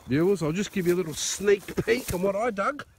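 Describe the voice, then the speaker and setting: An Australian man talks in a casual, joking way, and his voice sits a little high and rises and falls a lot. He is outdoors in a dry field, picked up by a phone camera with a faint hiss behind him. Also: a little fast. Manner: joking, chatty, excitable. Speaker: metal detecting host. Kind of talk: casual chat.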